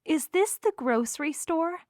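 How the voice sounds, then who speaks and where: A sweet, mature young woman from an audiobook asks curious questions in a light voice pitched well above the narrator's own, as a woman narrator puts her on. The sound is close and dry. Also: expressive, a little slow, a little mellow, no room sound.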